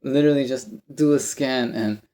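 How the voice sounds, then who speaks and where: Gravelly man rambling through a story. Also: mid-range voice, moderate pace. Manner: rambling, animated, self-interrupting. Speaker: vlogger. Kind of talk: casual storytelling vlog.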